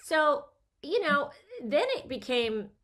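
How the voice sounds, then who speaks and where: A woman's voice: sits high, lively intonation, slow, a bit bright. A middle-aged woman in casual chat, telling emotional stories about her son leaving for college.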